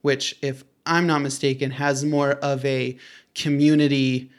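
A man's voice: medium pitch, flat delivery, unhurried. A man co-hosting a casual podcast, joking around playfully while explaining. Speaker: podcast co-host.

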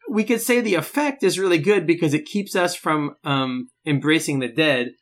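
A man's voice: on the high side, expressive, moderate pace. A man co-hosting a casual chat, rambling and joking with lots of restarts. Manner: rambling, jokey, many restarts. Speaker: podcast co-host.

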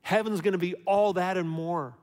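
A man's voice: high voice, normal speed. A man preaching a sermon as a pastor, talking conversationally and asking his listeners questions. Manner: conversational, animated, rhetorical questions. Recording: long hall reverb.

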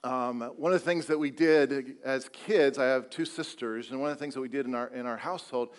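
A man preaching a conversational sermon, asking repeated rhetorical questions and slowing down on key words before speeding up again. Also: medium pitch. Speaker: pastor.

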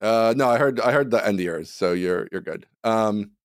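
A man's voice: on the low side, moderate pace, no room sound, clean studio sound. A man co-hosting a casual podcast over a remote call, easygoing and thinking aloud. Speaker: podcast co-host. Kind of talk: casual chat.

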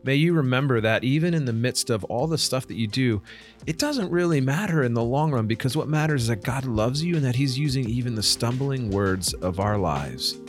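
A man's voice: medium pitch, lively intonation, fairly quick, faint music behind. A man co-hosting a podcast for pastors who chats loosely and then closes with an earnest spoken blessing. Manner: warm pastoral benediction, earnest. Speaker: podcast co-host. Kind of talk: casual chat and closing blessing.

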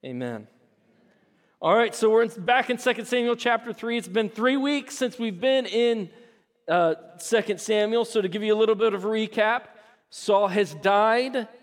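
Middle-aged male pastor, high voice, casual storytelling sermon, echoing church hall. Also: normal speed. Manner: chatty storytelling with self-deprecating laughs.

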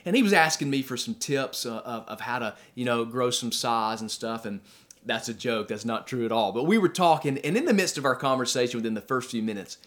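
A man preaching a sermon as pastor to his church, firing off rhetorical questions, slowing down to stress key phrases, and telling personal stories. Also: mid-range voice, fairly bright tone. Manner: conversational asides and personal stories.

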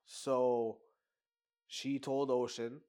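A man's voice: mid-range voice, flat delivery, very slow, dark tone, smooth. Male podcast guest, casual storyteller, rambling and profane, plain voice.

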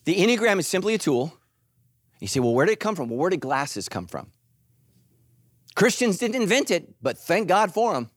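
A middle-aged man preaching a sermon, animated and joking, acting out quoted voices. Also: sits high, normal speed, pauses often, no room sound. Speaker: pastor.

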